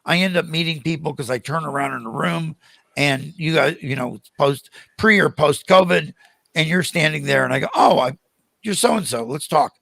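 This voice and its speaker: An older American man, a podcast guest, telling animated stories and acting out the voices of the people in them. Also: on the high side, moderate pace, gravelly, no room sound. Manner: animated, acts out quoted voices. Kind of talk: storytelling in a podcast interview.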